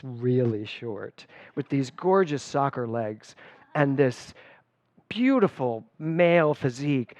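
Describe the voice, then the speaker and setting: A middle-aged man, a spiritual director, giving a conversational sermon at a church service, telling personal stories with lively emphasis. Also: on the high side, no echo, highs cut off. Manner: animated and personal, storytelling with emphatic swings.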